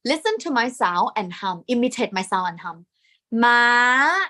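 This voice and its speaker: A woman's voice: medium pitch, lively intonation, brisk, a bit bright. A woman with a Thai accent teaching Thai tones in a live online lesson, often checking in with "okay?" and singing syllables to demonstrate.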